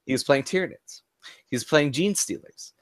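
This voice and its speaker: A man telling a story in casual chat as a podcast co-host, animated and often adding "right?". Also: medium pitch, normal speed, dry recording.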